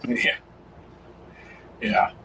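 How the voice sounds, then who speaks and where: A man's voice: drawn-out words, sharp tone, slight background noise, rough recording. A man hosting a gaming podcast in casual chat, laid-back and teasing while he reads the chat. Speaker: podcast host reading chat.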